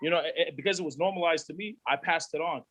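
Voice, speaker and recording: A man in his thirties shares blunt, profane stories as a podcast guest. His voice sits a little high for a man, and he slips into the voices of his old friends as he goes. The sound is close and dry. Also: quick pace, dry recording, low-quality recording. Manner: profane, animated, acts out voices of peers. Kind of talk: candid storytelling.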